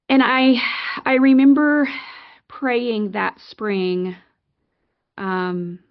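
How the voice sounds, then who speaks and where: A middle-aged woman, a podcast guest, telling a personal story in an animated, excitable way with many fillers and restarts. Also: medium pitch, creaky, highs cut off. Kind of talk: conversational storytelling.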